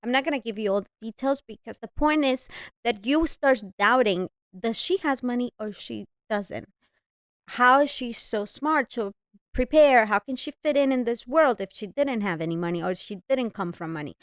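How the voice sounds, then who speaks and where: A woman co-hosting a couples podcast, her voice sitting fairly high with a light foreign accent. She talks expressively and teases freely. The sound is close and dry. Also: dry recording. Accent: Eastern European-sounding Spanish. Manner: expressive, teasing. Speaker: podcast co-host. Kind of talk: casual chat.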